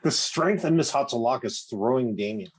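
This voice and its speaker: A man's voice: medium pitch, animated, moderate pace, slight background noise. A man co-hosting a podcast in casual chat, asking lots of questions and laughing often. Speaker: podcast co-host.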